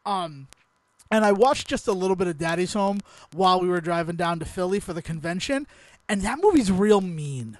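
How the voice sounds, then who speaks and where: A man co-hosting a casual podcast, his voice sitting high for a man. He tells his story loosely, laughing through it and swearing freely. The sound is dry and close, with no room around it. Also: expressive, normal speed, no room sound. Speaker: podcast co-host.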